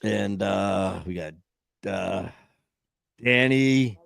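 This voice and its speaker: A man's voice: on the low side, extremely slow, creaky, fairly bright tone, dry recording, clean studio sound. A man in his fifties telling stories in a casual, rambling way, acting out quoted voices and often restarting his sentences. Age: 50s. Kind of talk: casual storytelling chat.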